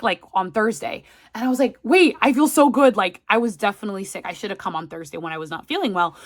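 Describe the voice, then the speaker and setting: A woman's voice: medium pitch, fairly bright tone. A woman in her thirties telling a rambling travel story to her viewers, quoting herself and others as she goes, while sick and feverish. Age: 30s. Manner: chatty, retelling with quoted asides. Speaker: travel vlogger. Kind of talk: casual story time.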